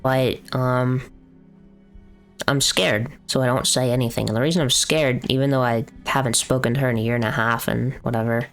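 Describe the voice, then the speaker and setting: A man's voice: mid-range voice, fairly even intonation, normal speed, faint music behind. A young man talking casually on a live stream, venting in a rambling, profane way with lots of fillers.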